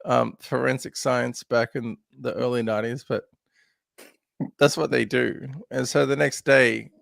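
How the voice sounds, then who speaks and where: Chatty man with a gravelly voice. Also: medium pitch, level tone, unhurried, fairly bright tone, no echo, clean studio sound. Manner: chatty, laughs a lot, many fillers. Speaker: podcast host. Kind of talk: casual film discussion.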